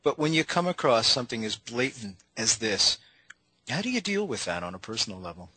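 Husky man asking a measured question. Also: medium pitch, sing-song, bright, forceful tone, no echo, low-quality recording. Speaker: interviewer. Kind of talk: interview question.

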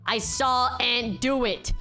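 Stern game mom, high and bright. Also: female voice, fairly even intonation, slow, faint music behind. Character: stern mother scolding her kids in a game.

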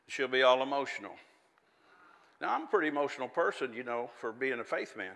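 A man's voice: medium pitch, animated, brisk, vocal fry, pushed and bright, in a large hall. A man preaching a sermon in a folksy, conversational way, with chatty asides and little laughs.

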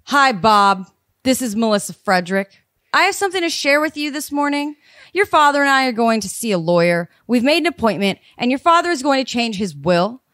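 A woman's voice: fairly high pitch, big pitch swings, brisk, a bit bright, dry recording. Woman podcaster reading a coldly courteous old swindler, dry close mic. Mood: politely spiteful. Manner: sweetly polite with a spiteful edge. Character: elderly woman con artist, coldly polite. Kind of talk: reading a voicemail aloud.

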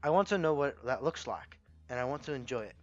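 A grandiose villain lecturing his foes, read aloud by a man. It is delivered as a theatrical, halting recital with some stumbles. The sound is a touch muffled, with faint game music underneath. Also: mid-range voice, expressive, lightly acted. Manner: theatrical, stumbling dramatic reading of game text. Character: pompous male villain of an evil team.

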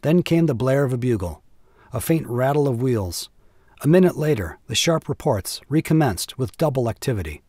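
A man reading a classic war story aloud at a measured, even pace. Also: medium pitch, no echo, studio quality. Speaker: audiobook narrator.

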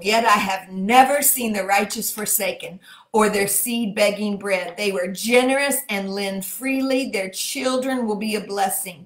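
A woman with a Texan accent leading a livestreamed prayer, reading scripture fervently and slowing down to repeat key phrases. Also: medium pitch. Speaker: prayer leader. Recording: echoey room.

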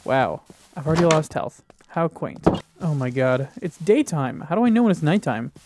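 A young man giving casual, self-mocking commentary as he plays a video game, swearing often and reacting loudly. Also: on the high side, lively intonation, moderate pace, very noisy. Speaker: gaming YouTuber. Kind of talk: casual let's-play commentary.

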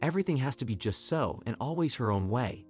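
A lively, outspoken woman who speaks bluntly and with force, as a male narrator puts her on. The delivery is animated. Faint music runs behind her. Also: mid-range voice, a little fast, breathy edge. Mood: gleeful.

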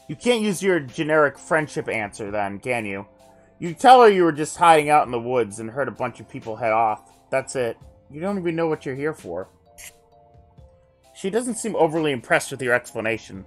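A man's voice: mid-range voice, sing-song, moderate pace, faint music behind. A man streamer reading a text adventure aloud on stream, breaking off for joking asides between passages of narration.

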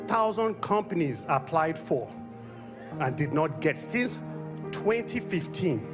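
A man giving a testimony in church, telling his story with excited rises and falls. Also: fairly high pitch, slow, music in the background. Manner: excited storytelling, rising and falling. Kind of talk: spoken testimony.

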